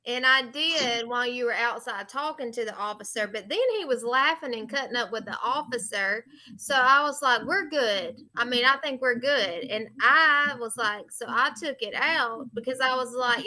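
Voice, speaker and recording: A woman's voice: fairly high pitch, normal speed, hardly any pauses, bright, forceful tone. A woman co-hosting a podcast, chatting casually and cutting in earnestly with her side of the story. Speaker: podcast co-host. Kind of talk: casual conversation.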